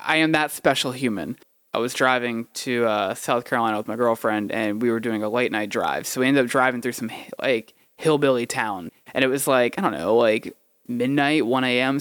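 A man's voice: medium pitch, normal speed, fairly bright tone, dry recording, studio quality. A man telling a casual story in a chatty, rambling way. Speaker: beatboxer interviewee.

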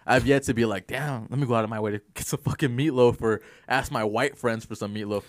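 A man's voice: medium pitch, fast, no echo, clean studio sound. A young man telling a casual, swear-filled story in a laid-back way, often laughing.

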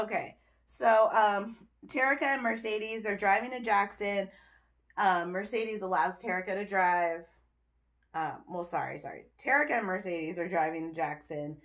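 Animated woman podcaster recapping a show. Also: mid-range voice, normal speed. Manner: animated, cursing, laughing, exasperated asides. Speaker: podcast host reviewing a TV episode. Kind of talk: casual recap chat.

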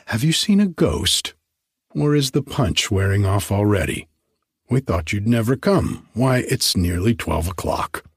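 A man voicing a boisterous young male medical student who mocks and teases loudly. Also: on the low side, measured pace, slightly rough, no room sound, clean studio sound, exaggerated voice. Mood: teasing. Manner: loud, mocking, excitable.

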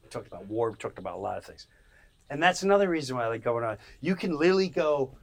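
A man hosting his podcast, telling stories in a casual monologue. He laughs as he goes and swings from loud bursts to quiet asides. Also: fast, vocal fry. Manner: animated, laughs mid-story, jumps between loud bursts and low asides; acts out other people's voices. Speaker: podcast host.

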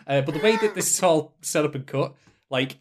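A man's voice: on the high side, fairly quick. A man co-hosting a casual anime recap, making dry, self-deprecating asides. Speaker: podcast co-host.

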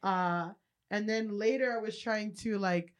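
A young woman co-hosting a podcast, telling a profane, animated story and acting out what people said. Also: medium pitch, a little slow. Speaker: podcast co-host. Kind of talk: casual comedic storytelling.

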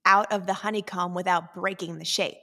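A woman co-hosting a podcast who works as a fitness instructor, chatting casually with quick, teasing interjections. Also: on the low side, fairly even intonation, bright, forceful tone. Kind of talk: casual chat.

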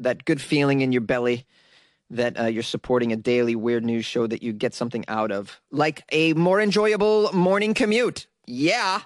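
A man's voice: medium pitch, no echo. Chatty man hosting from a dry closet. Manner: rambling, chatty, laughs often. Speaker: podcast host. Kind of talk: casual monologue. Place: home closet.

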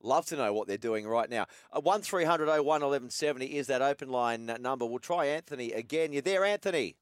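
A man's voice: medium pitch, fast, smooth, no echo, studio quality. A man with an Australian accent hosting a talkback radio show, chatty and laid-back, putting questions to callers and his co-host.

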